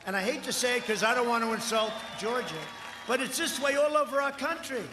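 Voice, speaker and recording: A man from the United States giving a campaign rally speech outdoors, boastful and repetitive, often breaking into shouts. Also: extremely high pitch, brisk, a crowd in the background, noisy background. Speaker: political speaker at a rally. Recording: echoey rally sound with long reverb and faint ambience.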